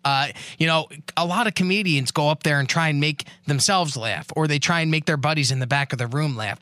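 A man's voice: a little high, pushed and bright, no room sound, studio quality. A man hosting an interview, asking questions in a conversational way and sometimes fumbling for words. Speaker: interview host. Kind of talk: podcast interview.

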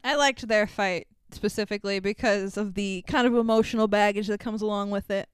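A woman in casual podcast chat about a film, telling stories in an animated way and laughing often. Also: medium pitch, brisk, smooth, no room sound. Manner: giggly, animated storytelling. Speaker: podcast co-host. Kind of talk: casual movie discussion.

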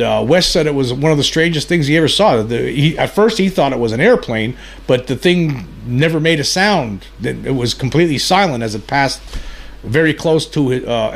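A man hosting a commentary video, speaking haltingly with many fillers and restarts. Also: mid-range voice. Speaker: host.

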